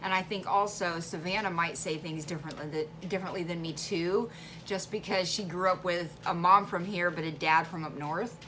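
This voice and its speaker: A woman's voice: fairly low pitch, steady tone, moderate pace, pushed and bright, a little hiss or hum. A woman with a central Illinois accent, chatting animatedly and laughing easily as she vlogs at home. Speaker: vlogger. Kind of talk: casual chat.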